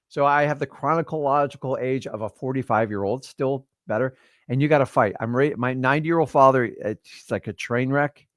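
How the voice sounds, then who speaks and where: A man's voice: mid-range voice, dry recording, studio quality. A man in his fifties hosting a livestream, giving casual motivational talk and addressing listeners directly in a preachy way. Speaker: livestream host.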